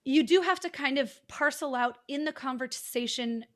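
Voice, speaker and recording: A woman's voice: sits high, normal speed. A woman hosting a podcast, explaining ideas in a teacherly way in long, flowing sentences. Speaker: podcast host. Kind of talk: casual conversational interview.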